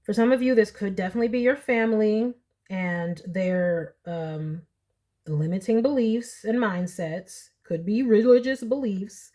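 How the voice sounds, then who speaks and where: A young woman giving a casual pick-a-card tarot reading, chatty and animated, often laughing. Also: mid-range voice, a little slow. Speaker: tarot reader.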